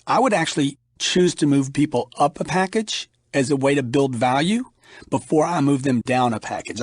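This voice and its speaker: A man's voice: medium pitch, dry recording, studio quality. A middle-aged man reading his own sales training audiobook in a punchy, emphatic way, acting out bits of sales dialogue. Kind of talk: instructional audiobook narration.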